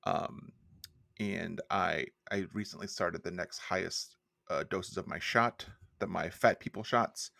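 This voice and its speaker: A man's voice: low-pitched, unhurried, gravelly, bright, forceful tone, dry recording, clean studio sound. A man co-hosting a podcast, telling a rambling, self-deprecating story in a casual chat. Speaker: podcast co-host and editor.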